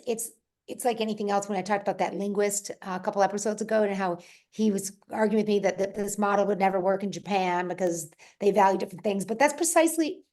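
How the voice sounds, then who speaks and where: A woman from Rhode Island talking casually on a podcast, telling stories with lively restarts. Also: mid-range voice. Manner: animated storytelling, frequent restarts and laughs. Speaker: podcast guest or co-host. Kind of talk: casual conversational podcast talk.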